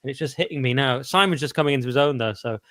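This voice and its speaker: A man's voice: mid-range voice, racing, a bit bright, no echo, studio quality. A tired young man hosting a casual live stream, jokey and self-deprecating. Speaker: livestream host.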